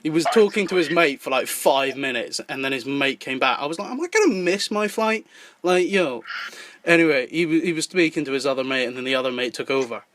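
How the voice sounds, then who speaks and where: A man's voice: mid-range voice, fast talker, fairly bright tone. A man with a mild Scottish accent, hosting a podcast and telling a story in casual chat, swearing and laughing as he goes. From Scotland. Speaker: podcast host.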